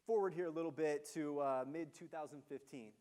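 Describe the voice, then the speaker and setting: A man giving a university lecture, telling business stories in an animated way and quizzing the audience. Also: a little high, a little fast. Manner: animated storyteller, engages audience with questions. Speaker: guest lecturer, entrepreneur. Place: lecture hall.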